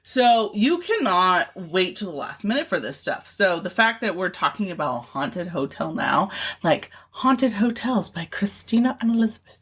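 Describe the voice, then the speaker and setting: Bright-voiced chatty woman in her thirties. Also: medium pitch, sing-song, normal speed, breathy edge. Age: 30s. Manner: rambling, with many fillers and restarts. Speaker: podcast co-host. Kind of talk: casual chat.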